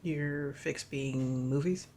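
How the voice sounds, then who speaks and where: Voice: mid-range voice, takes it slowly, darkish tone. A player in a tabletop roleplaying game, talking in a wry, offhand way.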